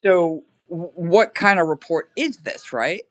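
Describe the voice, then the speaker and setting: A woman on a video call telling a story in a casual way, acting out what other people said and speeding up in rushed bursts. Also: fairly low pitch. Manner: animated retelling, acting out quoted dialogue. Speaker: caller recounting her experience.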